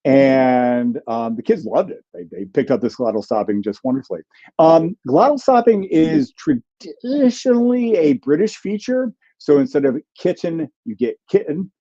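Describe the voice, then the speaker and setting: A man's voice: mid-range voice, very animated, moderate pace, dark tone, muffled recording. A man, a language scholar, answers viewer questions in a livestream with a thoughtful, explanatory manner and frequent ums. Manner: explanatory, many ums and restarts. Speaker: guest linguist author.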